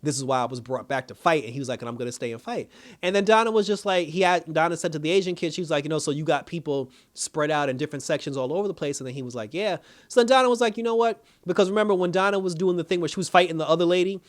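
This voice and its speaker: A man giving a casual, animated recap of a TV episode, acting out the characters' lines and laughing as he goes. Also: a little high, very fast. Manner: animated storytelling, acts out characters' lines, laughs while talking. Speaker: TV episode reviewer.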